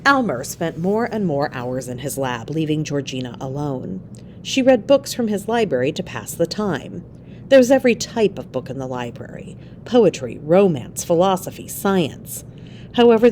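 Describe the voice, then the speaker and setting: A woman narrating an easy-to-read adapted story aloud, with expressive, clear storytelling. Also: low-pitched, a little hiss or hum.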